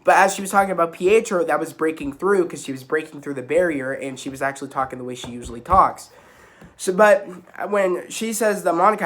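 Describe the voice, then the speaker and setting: A young man at home, excitedly recapping a TV episode to camera in a loose, rambling way full of restarts and fillers. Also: fairly high pitch, brisk. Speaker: YouTuber reviewing a TV episode. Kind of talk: casual spoiler recap to camera. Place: at home with kittens around.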